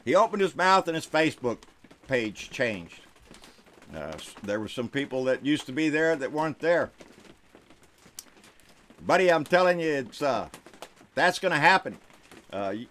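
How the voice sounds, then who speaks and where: A middle-aged man with a Texan accent hosting a live stream political rant, folksy, with quiet asides and loud outbursts. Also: medium pitch, slight background noise.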